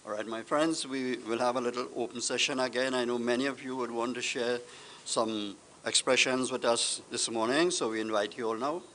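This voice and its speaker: A man hosting an open sharing session at a home funeral, coaxing mourners forward in a soft, easygoing way. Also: medium pitch, brisk, slight background noise. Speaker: funeral service host and singer. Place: funeral gathering at a family home.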